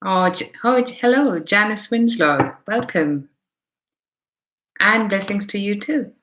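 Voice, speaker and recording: A woman with a mixed Indian accent hosts a live tarot stream, chatting casually, greeting viewers by name and thinking aloud over the cards. Her voice sits at medium pitch with lively intonation and a fairly bright tone, and she speaks slowly.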